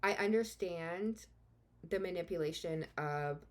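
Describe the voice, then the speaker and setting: A woman's voice: fairly low pitch, unhurried. A woman hosting a true-crime podcast, telling the story casually and bluntly, swearing freely and getting openly indignant. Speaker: podcast host.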